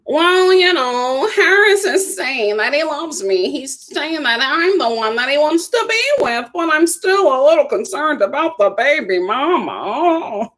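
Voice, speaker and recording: A fretful fiancée with a high, pleading whine, as a woman puts her on. She sounds anxious and needy, and her voice climbs when she begs. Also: expressive, a little slow, few pauses, a bit bright.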